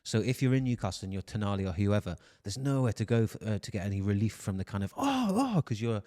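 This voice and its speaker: A man's voice: on the low side, fast, dark tone. A man co-hosting a football podcast, joking and dry in casual chat with his brother. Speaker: podcast co-host.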